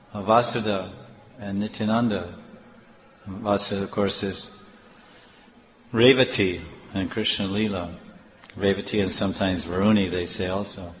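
A man telling devotional stories in an animated sermon, with halting restarts. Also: fairly low pitch, a little hiss or hum. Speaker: devotional storyteller. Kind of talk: storytelling sermon. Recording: echoey hall, faint ambience.

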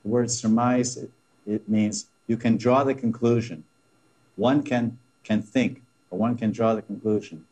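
A man's voice: fairly low pitch, steady tone, unhurried, a little mellow. A man teaching a scripture class, retelling a story with laughing asides and frequent restarts. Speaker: religious teacher.

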